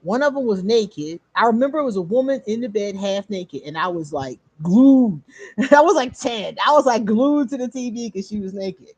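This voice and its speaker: Laughing animated woman reading cards. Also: mid-range voice, dry recording. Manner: animated, laughs often, drawn-out emphasis. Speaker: host doing card readings for viewers. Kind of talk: casual live-stream chat.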